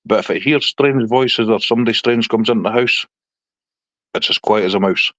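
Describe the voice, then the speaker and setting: Sweary man, low and dry. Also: fairly quick, fairly bright tone, no echo, highs cut off. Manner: blunt, sweary storytelling, laughs often. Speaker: live stream host. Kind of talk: casual chat.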